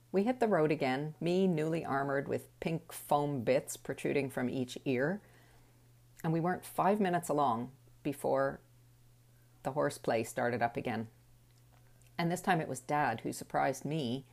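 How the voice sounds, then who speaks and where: Middle-aged female storyteller, low and creaky, reflective and wry. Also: a little mellow. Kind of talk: personal storytelling.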